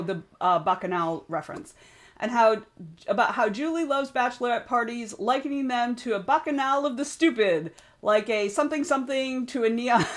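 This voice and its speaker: A woman with a Southern accent from Georgia chats on a livestream. She rambles easily from topic to topic and greets her viewers one by one. Her voice comes through a desk mic at her computer. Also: a little high. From United States. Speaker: streamer and author. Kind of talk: casual livestream chat.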